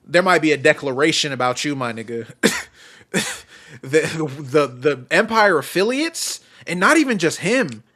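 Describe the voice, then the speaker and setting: A man with a high voice chats on a wrestling podcast, his pitch swinging all over as he gets worked up. He swears freely and breaks into laughs, rattling off opinions in a loose, excitable way. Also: normal speed. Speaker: podcast host. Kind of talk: casual wrestling podcast chat.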